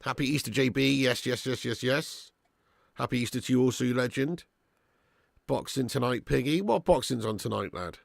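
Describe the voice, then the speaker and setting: A young man hosting a live football watch-along, chatting and thanking viewers by name, with sudden bursts of excitement when chances come. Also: medium pitch, moderate pace, creaky, no room sound, studio quality.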